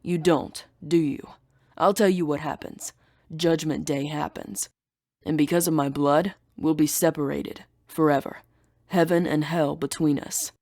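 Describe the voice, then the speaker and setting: A brooding young half-demon man, miserable and defensive with the one he loves, as a woman voices him. The voice is low and dry, close to the mic. Audiobook romance dialogue. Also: fairly even intonation, a little slow, a little mellow, no echo.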